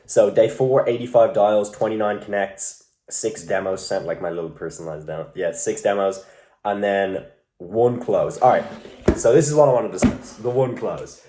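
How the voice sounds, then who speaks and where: A man's voice: lowish voice, normal speed, dark tone. Young man rambling in a casual vlog. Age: young adult. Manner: rambling, profane, self-mocking. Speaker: vlogger.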